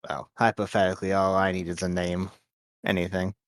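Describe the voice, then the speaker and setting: A man voicing a scheming gang representative in a tabletop game, speaking slyly and probing with drawn-out pauses. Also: low voice, little pitch movement, no room sound, lightly acted.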